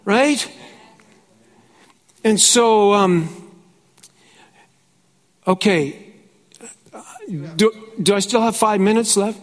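A high-pitched male pastor preaching at a conference, telling stories in a chatty way and checking in with "right?" as he goes. He laughs often and grows fervent as he preaches. His voice rings out through a large hall with a long echo tail. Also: slow pace, long pauses. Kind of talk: conference sermon with personal storytelling.

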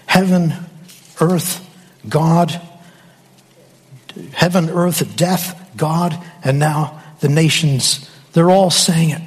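Slow, emphatic preacher with husky voice. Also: male voice, fairly high pitch, in a large hall. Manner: slow, emphatic, dramatic pauses. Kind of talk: sermon.

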